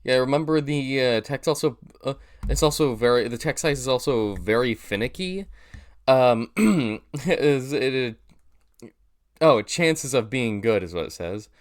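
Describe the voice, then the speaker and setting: A man's voice: medium pitch, animated, a little slow. A young man with a nasal voice, rambling through casual reaction commentary with lots of fillers and restarts, poking fun at himself. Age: young adult. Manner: rambling, self-deprecating, many fillers and restarts. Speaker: YouTuber reacting to his old video.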